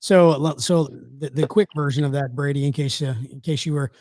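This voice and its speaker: A podcast host chatting casually in a jokey, teasing way. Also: male voice, a little high, steady tone, a little fast, warm tone, no echo, studio quality. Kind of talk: casual chat.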